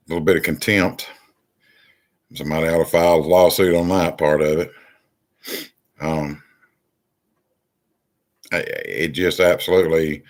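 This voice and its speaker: Deep, low-pitched male host; exasperated, rambling commentary delivery. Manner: rambling, many ums and restarts, exasperated. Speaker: channel host. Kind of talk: political commentary monologue.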